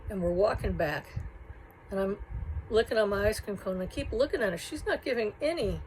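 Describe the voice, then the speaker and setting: A woman telling a personal childhood story in a reflective, halting, emotional way. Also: mid-range voice, animated, a little mellow, slight background noise, poor audio.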